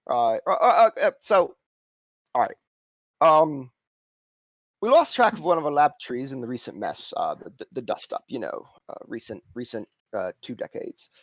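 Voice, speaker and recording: A man's voice: mid-range voice, sing-song, normal speed, no echo, dull audio. A man voicing a brash, green-skinned punk lizard-man fixer with a cheeky, wheedling way of haggling.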